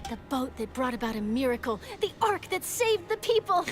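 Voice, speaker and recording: An actress playing an eager, chatty young female journalist in a video game, speaking brightly. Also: high-pitched, moderate pace, faint music behind. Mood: upbeat. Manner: bright, lively, flattering.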